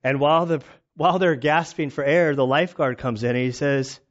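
A man preaching in a loose, storytelling way, mocking himself and laughing often. His voice sits a little high for a man. The recording sounds dull and lo-fi. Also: a little fast. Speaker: pastor. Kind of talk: casual storytelling sermon.

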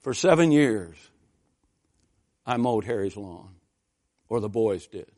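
Folksy preaching man, rising to fervent shouts. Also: lowish voice, lively intonation, slow pace. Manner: folksy storytelling that builds to loud fervent exhortation. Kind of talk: sermon.

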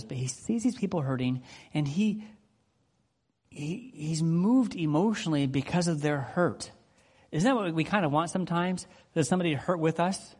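A man preaching a casual, conversational sermon, acting out the people in the story as he goes. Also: a little high. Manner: conversational, animated, acts out quotes. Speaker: pastor.

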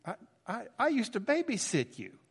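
A man voicing gossiping older village women, nosy and scornful, in a high, mocking, stammering voice. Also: huge pitch swings, normal speed, husky, in a large hall, full character voice.

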